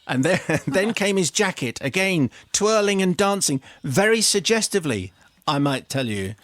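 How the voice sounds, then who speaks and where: A man's voice: high-pitched, very animated, normal speed, a bit bright, dry recording. A British man hosting a radio show, reading out a listener's confession with amused, theatrical storytelling. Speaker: radio host. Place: radio studio. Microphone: studio microphone.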